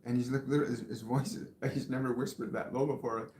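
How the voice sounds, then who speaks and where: Soft-spoken man in a roomy space. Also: medium pitch, little pitch movement, slight background noise. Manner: soft-spoken, gentle, pauses and fillers, drops to near whisper at times. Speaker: spiritual medium hosting live Q&A. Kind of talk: live-stream channeling and reading viewer questions.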